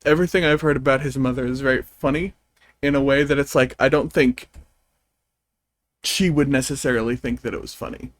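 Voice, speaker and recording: A man's voice: medium pitch, steady tone, fairly quick, no room sound. A man streaming a game, chatting in a rambling, amused way as he tells stories. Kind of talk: casual chat while gaming.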